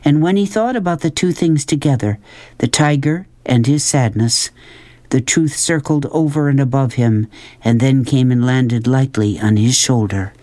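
A man reading a novel aloud as audiobook narration, in a calm, measured storytelling manner. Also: mid-range voice, no room sound. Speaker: audiobook reader.

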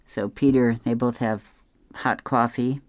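A man's voice: medium pitch, steady tone, measured pace, no echo. A man reading newspaper comic strips aloud and describing each panel in a chuckling, easygoing way. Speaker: comics reader.

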